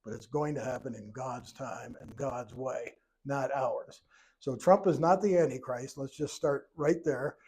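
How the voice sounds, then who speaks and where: A man's voice: mid-range voice, unhurried, darkish tone, breathy edge. A middle-aged man teaching a church Bible study lesson, folksy, with chuckling asides and restarts.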